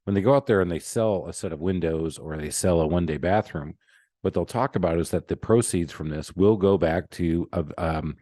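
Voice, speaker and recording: A man hosting a podcast, chatting casually with jokes at his own expense in quick run-on bursts. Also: low-pitched, mellow, no echo, clean studio sound. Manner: joking, self-mocking, talks in quick run-on bursts. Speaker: podcast host.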